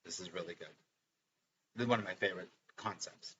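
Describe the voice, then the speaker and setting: A middle-aged man hosting a live stream as a spiritual teacher, chatting casually and excitedly, often laughing and repeating lines. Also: deep voice, fast, long pauses, muffled recording, slight background noise.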